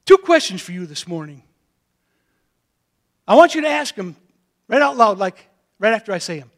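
A man preaching a sermon in a folksy storytelling way, moving from quiet asides to loud calls to the congregation. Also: high voice, sing-song, normal speed, long pauses. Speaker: pastor.

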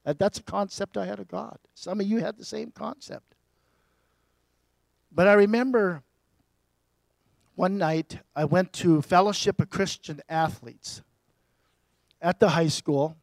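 A man preaching a personal testimony as a sermon, telling his story with big swings between loud and quiet. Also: high-pitched, steady tone, a little slow, gravelly, long pauses, dry recording.

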